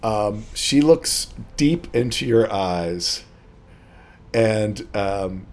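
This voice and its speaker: Male game master, lower voice, very animated pitch, relaxed narration with fillers. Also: extremely slow.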